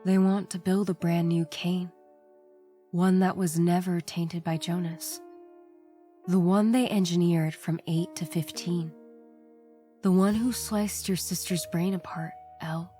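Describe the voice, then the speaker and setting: A woman's voice: on the low side, fairly even intonation, unhurried, dark tone. A woman narrating horror stories in a tense, scripted storytelling style. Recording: faint background music.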